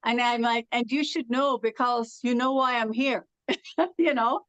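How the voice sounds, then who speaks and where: A woman's voice: a little high, a little slow, a bit bright, dry recording, low-quality recording. A woman from Southern California who speaks with a foreign-sounding accent, giving Irish-like R's in some words, with a sing-song lilt, chatting as a guest and telling stories with plenty of fillers. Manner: chatty storyteller, with frequent fillers. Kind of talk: casual conversation.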